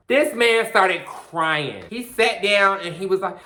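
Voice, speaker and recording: A woman vlogger telling a story in an animated, chatty way, talking straight to her viewers. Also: fairly low pitch, a little slow, echoey room, slight background noise. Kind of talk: casual storytelling to camera.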